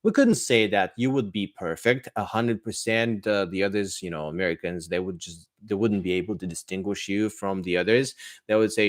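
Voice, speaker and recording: Low-voiced, hesitant man. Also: dry recording, clean studio sound. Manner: hesitant, full of pauses and restarts, addresses listeners as guys. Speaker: English teacher. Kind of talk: casual livestream podcast talk.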